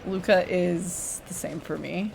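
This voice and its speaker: A woman's voice: on the low side, unhurried, vocal fry, darkish tone, soft background music. A woman streaming a video game, giving chatty, emotional, joking commentary. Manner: chatty, emotional, jokey reactions. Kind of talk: casual gameplay commentary.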